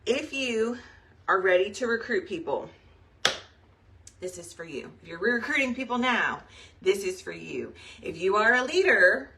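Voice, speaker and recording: A woman's voice: mid-range voice, fairly bright tone, distant mic. A young woman, a pregnant team leader, talking casually and rambling to her team on a live video, saying y'all with lots of fillers. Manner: chatty and rambling, says y'all, frequent fillers. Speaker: direct sales team leader.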